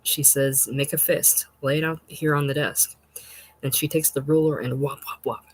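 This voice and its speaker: Reader doing a sulky tough-guy kid, clipped and defiant, kinda loud. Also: mid-range voice, steady tone, moderate pace, breathy edge, low-quality recording. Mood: defiant, boastful. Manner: defiant, clipped street talk. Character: sullen tough-acting schoolboy. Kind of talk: storybook reading.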